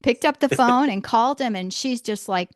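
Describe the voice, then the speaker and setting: A middle-aged woman with a slightly high voice hosts a casual podcast interview at normal speed, recorded dry with studio quality. An animated storyteller, she laughs often and acts out the voices of the people she quotes.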